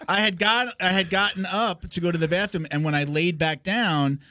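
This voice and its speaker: A man's voice: high-pitched, normal speed, bright, forceful tone, dry recording. A man in his forties hosting a podcast, telling stories in a rambling, casual way with frequent restarts. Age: 40s. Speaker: podcast host.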